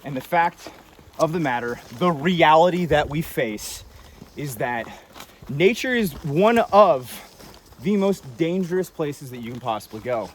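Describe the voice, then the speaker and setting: A man's voice: a little high, lively intonation, unhurried, slight background noise. A young man hiking a mountain trail, a bit out of breath, rambling through an opinionated rant with plenty of fillers into a handheld camera outdoors. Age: young adult. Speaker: vlogger hiking. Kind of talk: casual ranting monologue.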